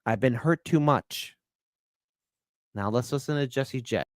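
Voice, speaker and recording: A man's voice: medium pitch, a little slow. A man hosting a political livestream, talking bluntly and profanely, swinging between ranting and joking. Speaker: livestream host. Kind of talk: casual political livestream talk.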